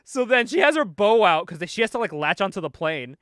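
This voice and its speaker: A man's voice: sits high, very animated, a little fast, fairly bright tone, smooth, dry recording, studio quality. A man casually recapping a comic book, joking, swearing and laughing often as he goes. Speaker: podcast host reviewing a comic.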